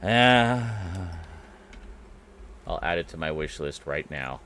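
Male host, relaxed group chat, slow delivery, bright tone, lively pitch. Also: a little hiss or hum. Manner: laid-back, self-deprecating, laughs often. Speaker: live stream host.

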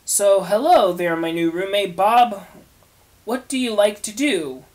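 A chirpy, silly young woman chats in a sweet, drawn-out voice, as a woman narrator plays her. It sits a little above the reader's usual pitch. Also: expressive, a little mellow, natural voice.

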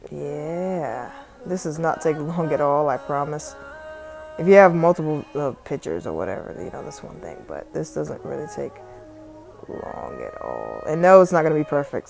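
Recorded on a phone mic, a young Southern woman from South Carolina speaks in a deep, darkish voice with vocal fry. As a tutorial vlogger and music artist, she casually narrates a screen-recording tutorial on her phone, rambling, cursing, and chatting.

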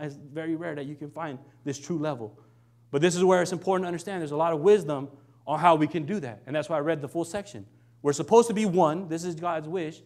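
A young adult man giving a conversational sermon as a minister, often checking in with "right?" and acting out quoted lines. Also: fairly high pitch. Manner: conversational, keeps asking "right?"; acts out quoted lines in shifting voices.

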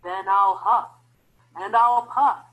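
A woman's voice: mid-range voice, steady tone, slow pace, pitched below the performer's own voice, rough recording. A woman doing a roaring big bad wolf. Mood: roaring threats. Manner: loud blustering threats.

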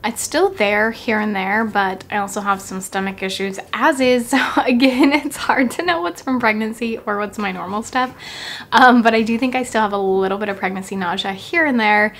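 A woman's voice: medium pitch, moderate pace, a bit bright, slight background noise. A young woman vlogging casually from home, chatty and apologetic, short of breath. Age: young adult. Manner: chatty, apologetic, laughs often. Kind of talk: casual pregnancy update vlog.

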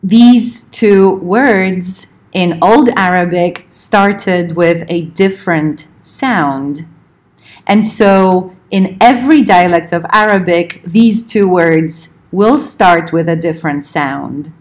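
A woman lecturing on linguistics, explaining points in a measured way and slowing down to spell out examples. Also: fairly low pitch, darkish tone. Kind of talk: recorded lecture.

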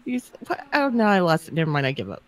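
A woman's voice: deep voice, very animated, quick pace, very noisy. A woman in a casual podcast chat, protesting and laughing things off.

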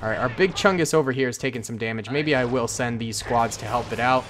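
A man giving casual, excitable, slangy commentary while playing a strategy game, talking to himself and his viewers. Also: mid-range voice, fast, slight background noise. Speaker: gaming commentator. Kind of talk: casual let's-play commentary.

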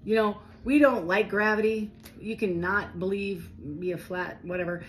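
A woman giving a casual, animated tarot reading, talking straight to her viewers in a chatty way. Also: medium pitch, moderate pace, poor audio. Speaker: tarot reader.

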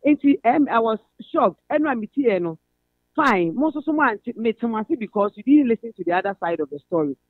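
A woman's voice: fairly high pitch, expressive, brisk, dry recording. Ghanaian woman caller on a tinny phone. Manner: earnest, recounting family troubles at length. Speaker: radio caller. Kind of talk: phone-in personal story, code-switching. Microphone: telephone. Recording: tinny phone line, dry.

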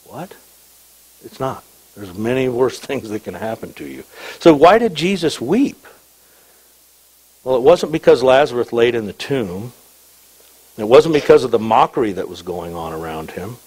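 A man preaching a sermon as pastor, reading scripture aloud with slow emphasis and dropping in light, humorous asides. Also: medium pitch, sing-song, darkish tone, husky, poor audio.

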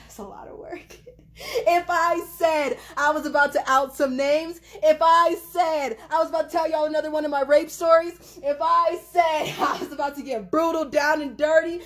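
Young woman, high voice, impassioned and profane livestream rant. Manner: emotional, profane, swings between shouting and laughing. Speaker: livestream host.

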